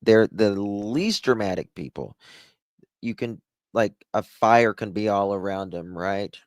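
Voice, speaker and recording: Male livestream host, low and unhurried, mocking commentary, dry close sound. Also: dry recording. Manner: sarcastic, drawn-out delivery. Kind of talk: mocking commentary on a news clip.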